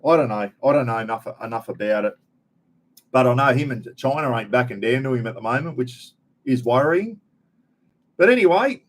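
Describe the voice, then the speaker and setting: Middle-aged aussie guy, mid-pitched voice, rambling blokey chat to his viewers. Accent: Australian. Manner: rambling, blokey, slangy, chats straight to viewers. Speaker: live stream host.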